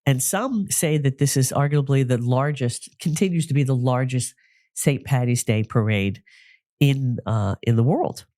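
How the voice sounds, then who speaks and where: Man, from new jersey, podcast host, chatty storyteller, mid pitch, dry close mic. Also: unhurried, warm tone, no room sound. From New Jersey, United States. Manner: chatty, storytelling, with frequent restarts. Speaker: podcast host, psychic medium. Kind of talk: casual solo podcast talk.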